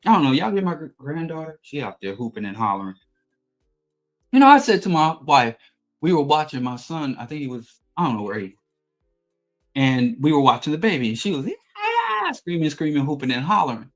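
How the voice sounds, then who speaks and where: A man's voice: fairly high pitch, sing-song, a little fast, faint music behind. A middle-aged man hosting a talk show, delivering an emphatic, profane political monologue. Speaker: podcast host.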